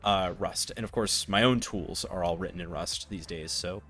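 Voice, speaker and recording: A man hosting a live-streamed tech tutorial, reading verse with big swells and soft drops, then chatting casually while he works. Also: low-pitched, moderate pace. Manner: reads verse expressively, swelling loud then sinking soft; casual, thinks aloud with fillers while working. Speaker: livestream host teaching tech setup.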